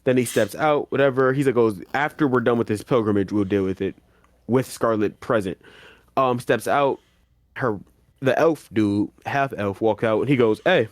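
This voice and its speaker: A man's voice: mid-range voice, normal speed, no echo. Slangy man animatedly recapping anime. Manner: animated retelling, acting out characters' lines in slangy voices. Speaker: podcast co-host. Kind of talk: casual anime recap chat.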